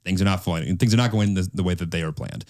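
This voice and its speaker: A man's voice: deep voice, fast talker, a little mellow, dry recording, clean studio sound. A young man co-hosting a podcast, telling a personal story in a rambling, candid way. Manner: rambling, with fillers and restarts. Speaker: podcast co-host. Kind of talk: casual podcast chat. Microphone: studio mic.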